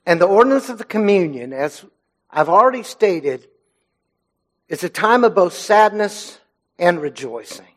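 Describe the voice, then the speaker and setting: A man preaching a sermon in church, earnest and emphatic, letting his phrase ends drop low and soft. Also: expressive, unhurried. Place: church sanctuary.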